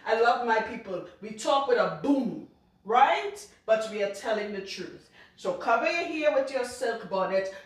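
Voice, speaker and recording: A woman with a Trinidadian accent, a loctician talking casually to camera, blunt and outspoken, cussing freely and laughing loudly. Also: fairly high pitch, animated, measured pace, recorded from a distance. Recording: very echoey room, off-mic.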